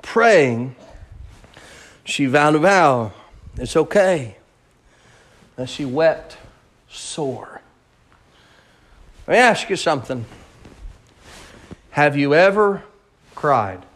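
A man's voice: fairly high pitch, expressive, extremely slow, long pauses, fairly bright tone. A man preaching a sermon in an impassioned, pleading way, repeating words and building to outbursts.

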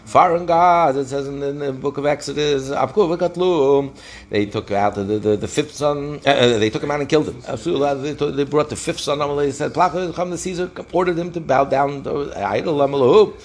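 A man's voice: on the high side, measured pace. Male Talmud teacher, passionate storyteller, peppers the lesson with Hebrew. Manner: passionate, retells the story vividly with Hebrew phrases. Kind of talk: daf lesson.

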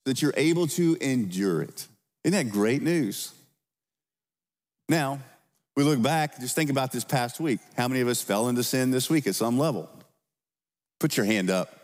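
A man preaches in a church, talking like he is chatting with his flock, checking in with "right?" and quick questions. His mid-range voice carries a long reverb tail through the sanctuary. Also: mid-range voice, expressive. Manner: conversational preaching with frequent "right?" and questions to the congregation. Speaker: pastor. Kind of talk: sermon.

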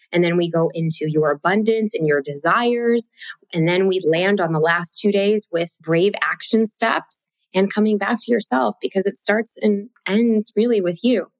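A woman, a mother and author, telling a personal story as a guest in an expressive way, laughing now and then mid-sentence. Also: lowish voice, no room sound.

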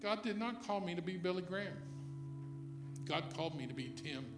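A man preaching a sermon as pastor, moving between quiet reflection and loud emphatic passages. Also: high voice, animated, moderate pace, echoey room, music in the background.

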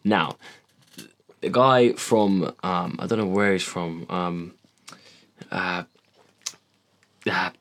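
A man's voice: sits low, steady tone, drawn-out words, long pauses, fairly bright tone. A man co-hosting a podcast in casual chat, rambling and swearing with plenty of fillers. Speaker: podcast co-host.

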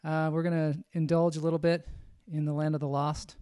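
A man hosting a podcast, wrapping up the show in a relaxed way with a few fillers. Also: fairly high pitch, a little fast, clear, resonant tone, no room sound, clean studio sound. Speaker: podcast host. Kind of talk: show sign-off.

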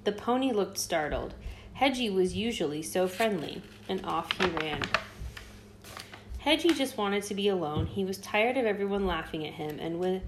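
Lady reading a kids book out loud, gentle and expressive. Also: medium pitch, moderate pace, noisy background. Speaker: host reading to children. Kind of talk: children's read-aloud.

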